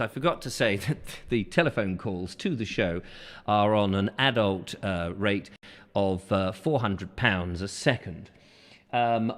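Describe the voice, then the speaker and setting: A man's voice: mid-range voice, fairly bright tone. A man hosting a casual live show, reading out viewer comments in a playful, rambling way full of jokes. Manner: playful and rambling, jokes and drifts into silly voices. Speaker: host.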